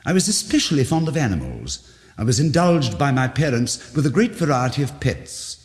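A man's voice: mid-range voice, big pitch swings, moderate pace. A man giving a dramatic first-person story reading, intense and theatrical, with sudden rises and drops. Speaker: reader of a story. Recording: old record with long reverb.

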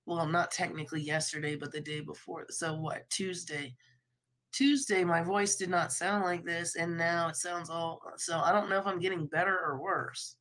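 Hoarse woman chatting on a live stream. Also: on the low side, steady tone, normal speed, hardly any pauses, fairly bright tone, poor audio. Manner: rambling, laughs a lot, swears casually. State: hoarse from illness. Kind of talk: casual live stream chat.

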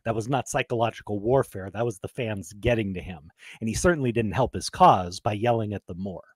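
A man's voice: fairly low pitch, a little fast, husky, no echo. Emphatic man co-hosting a casual chat. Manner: emphatic, storytelling, conversational. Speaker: podcast co-host.

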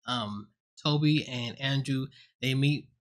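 Speaking slowly at a medium pitch, this man reviews a movie casually from home, close to his own desk mic. He walks through scenes with jokes, curses and quotes he acts out.

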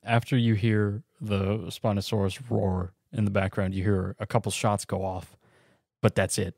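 A man's voice: on the low side, flat delivery, normal speed, gravelly, darkish tone, no room sound. A man co-hosting a casual movie review podcast, making dry, sarcastic quips between short agreements. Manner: dry, sarcastic quips, frequent laughter and backchannels. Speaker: podcast co-host.

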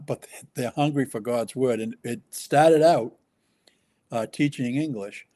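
A man speaking as a pastor in a relaxed ministry conversation, pausing and restarting often as he describes his work. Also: medium pitch. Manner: halting, with many restarts and fillers.

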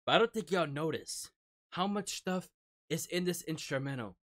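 Music video reactor, casual commentary, excitable, lots of exclaiming, very lively pitch. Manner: excitable, exclaiming and pausing often.

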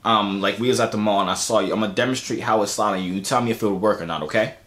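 A man's voice: lowish voice, rapid-fire, a bit bright. A young man hosting casual video chats with strangers, slangy and teasing. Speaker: host. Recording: echoey, lightly noisy video-chat audio.

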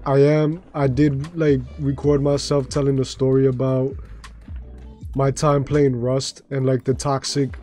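A man with a slightly raspy voice, chatting casually with his viewers while streaming a game, rambling with lots of fillers and restarts. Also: mid-range voice, level tone, a little slow, warm tone. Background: faint background music.

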